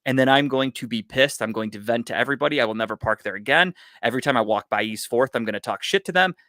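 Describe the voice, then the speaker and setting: Talking at a quick pace in a mid-range voice, a man on a casual podcast, one of its co-hosts, relates a long story full of swearing, performing everyone's lines with animation. The sound is clean studio audio without echo.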